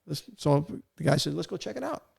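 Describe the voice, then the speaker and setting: An older man tells a story from his years as a warrant officer. His voice is heavily gravelly and sits a little high for a man. He jumps into the voices of the people he quotes. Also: brisk. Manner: animated, acts out quoted voices. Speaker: retired police warrant officer. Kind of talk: storytelling in a casual interview.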